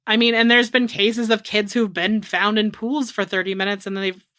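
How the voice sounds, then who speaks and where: A woman's voice: mid-range voice, fairly even intonation, normal speed, fairly bright tone, no echo. A woman in her thirties, co-hosting a podcast in casual chat, frank and chatty, with lots of swearing and "like". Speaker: podcast co-host.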